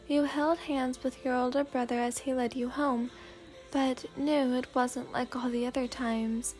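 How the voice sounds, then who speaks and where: Woman reading fanfic asmr style, high voice but pretty flat, hushed and sleepy, soft music behind. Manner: slow, hushed second-person narration with soft whispers. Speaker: fanfiction reader.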